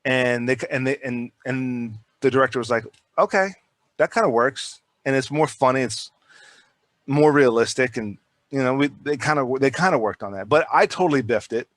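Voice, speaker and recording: A man's voice: mid-range voice, normal speed, no room sound. A filmmaker guest holding forth in a casual podcast conversation. He is a man with an ordinary mid-range voice, recorded dry and close. His telling rambles and jumps, full of restarts and repeated words as he works up to each point.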